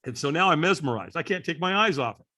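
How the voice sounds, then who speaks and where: A man in his sixties from California, a podcast guest telling a story in an animated way, acting out the voices of the people in it. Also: a little high, fast. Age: 60s. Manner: lively storyteller acting out voices, frequent "right?".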